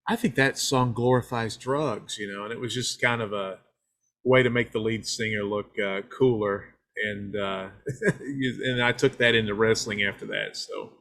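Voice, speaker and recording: A man's voice: fairly low pitch, fairly even intonation, normal speed, pushed and bright. A man from Knoxville, Tennessee, chatting as a podcast guest in a rambling, self-deprecating, joking way. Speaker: guest filmmaker. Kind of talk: casual interview chat.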